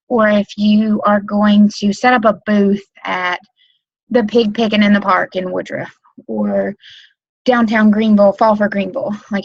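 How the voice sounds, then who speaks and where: A woman's voice: mid-range voice, creaky, no echo, highs cut off. A woman giving casual training on a webinar, rambling with lots of um, like and you know. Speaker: direct sales consultant training new team members. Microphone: computer mic on a webinar.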